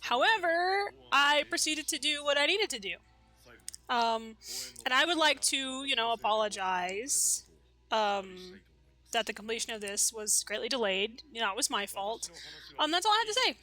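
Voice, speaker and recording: A woman voicing a calm, composed young male politician, admitting his part in a plain, matter-of-fact way. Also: fairly high pitch, normal speed. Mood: calm admission.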